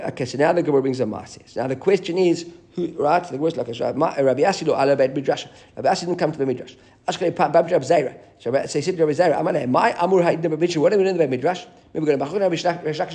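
Teaching a Talmud class live, a man whose voice is a little high reads passages in Aramaic. He then explains them in English, throwing in lively asides.

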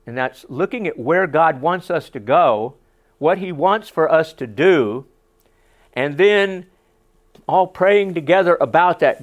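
A man's voice: on the high side, animated, slow pace. A middle-aged man, a pastor preaching a sermon in an earnest, conversational way with asides to the congregation.

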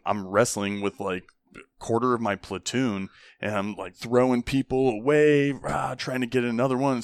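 A man's voice: lowish voice, no room sound. A young man, an army veteran, telling stories casually and acting out the people he quotes, with frequent swearing. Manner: animated, acts out the people he quotes, swears often. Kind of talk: casual storytelling.

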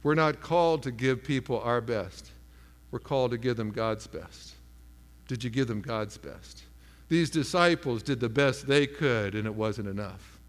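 A man's voice: mid-range voice, fairly bright tone. A man preaching a sermon, telling a story and acting out the voices of the people in it. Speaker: pastor. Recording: long hall reverb.

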